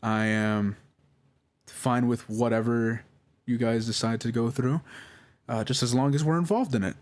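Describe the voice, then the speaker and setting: A man quoting a calm, supportive father laying down house rules in a measured, reassuring tone. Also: mid-range voice, close to an everyday voice.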